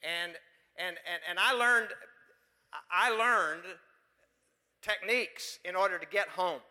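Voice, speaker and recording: A man's voice: high-pitched, slow pace, bright, forceful tone, in a large hall. A pastor from West Texas, preaching a sermon full of emphatic rhetorical questions to his congregation.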